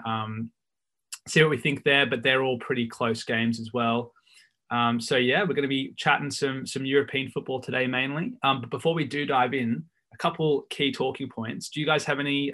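A man hosting a football podcast in a relaxed, chatty way, often pausing with ums. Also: medium pitch. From England. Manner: laid-back, lots of ums and "so yeah". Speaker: podcast host. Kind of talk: casual chat.

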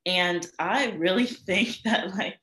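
A woman's voice: medium pitch, slow, fairly bright tone. A young woman in a casual book club chat, hedging and apologetic. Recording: echoey room.

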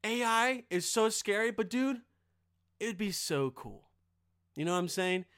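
A young man with a high, bright voice delivers a casual comedic rant. He talks like a podcast host, rambling and swearing freely, and breaks into loud, animated impressions. His tone is sharp and forceful. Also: unhurried, clear, resonant tone. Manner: rambling, profane, full of filler; animated, bursts into yelled impressions.

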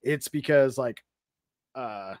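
A man's voice: medium pitch, takes it slowly, darkish tone, no room sound, studio quality. A married man chatting as a podcast guest, easygoing and joking, often laughing. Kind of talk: casual podcast chat.

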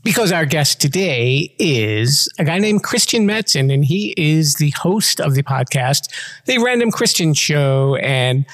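A man's voice: fairly high pitch, very animated, a little slow, fairly bright tone, in a large hall. Chatty male podcast host. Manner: chatty, playful asides. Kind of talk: casual interview chat.

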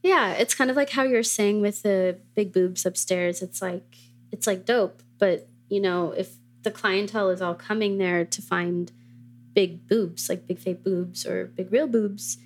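A woman hosting a podcast interview, relaxed and casual, saying "like" a lot. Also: mid-range voice, unhurried, a little hiss or hum. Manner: relaxed, lots of "like". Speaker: podcast host.

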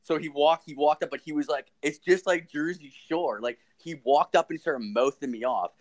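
This Ontario-born young man hosts a podcast, and his voice runs on the high side at a moderate pace. Profane and animated, he rambles through a story in casual chat, cursing nonstop.

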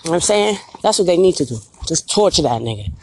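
A woman's voice: fairly low pitch, big pitch swings, quick pace, slight background noise, rough recording. A woman hosting her own vlog, talking bluntly and profanely into a phone as she walks a street at night, repeating "you feel me" often. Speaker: vlog host. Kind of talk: casual street vlog rant. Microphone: phone held while walking.

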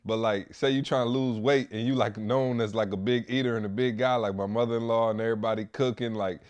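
A man hosting a podcast, chatting casually and telling stories with relaxed slang. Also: mid-range voice, fast talker, clear, resonant tone. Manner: laid-back storytelling with slang. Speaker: podcast host. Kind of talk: casual chat.

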